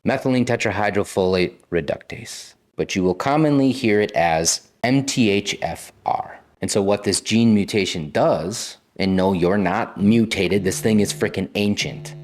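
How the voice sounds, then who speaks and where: A man hosting a casual health vlog, talking straight to viewers in an emphatic, conversational way with mild cursing. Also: low-pitched. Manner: emphatic, conversational, mildly profane, talks directly to viewers. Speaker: health video host. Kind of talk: casual vlog monologue to camera.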